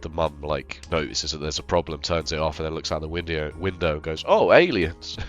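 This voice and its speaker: A man with a very low voice comments casually on his own game. He is unwell and thinks aloud, rambling and poking fun at his own choices. Quiet game music runs in the background. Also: flat delivery, fairly quick, hardly any pauses, muffled recording. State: ill. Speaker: game streamer.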